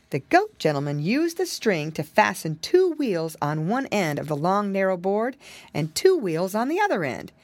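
A woman reading a children's storybook aloud, with gentle, expressive storytelling. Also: fairly low pitch, no echo. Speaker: audiobook reader.

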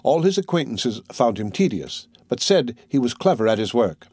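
A man narrating an audiobook of a classic novel in a measured, unhurried reading. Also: mid-range voice, big pitch swings, darkish tone, slightly rough, dry recording.

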